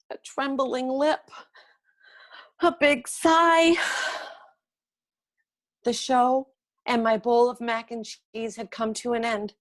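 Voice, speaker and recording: Middle-aged woman doing a monologue, real slow and heartfelt, kinda high voice. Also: fairly bright tone. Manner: measured, emotive storytelling with long pauses. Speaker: monologue performer. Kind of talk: theatrical monologue recited slowly.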